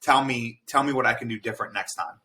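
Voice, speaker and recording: A man's voice: medium pitch, quick pace. An American man, a military veteran, chatting as a podcast guest and animatedly acting out remembered conversations, with casual swearing. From United States. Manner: animated storyteller who acts out quoted dialogue and swears freely. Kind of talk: casual chat.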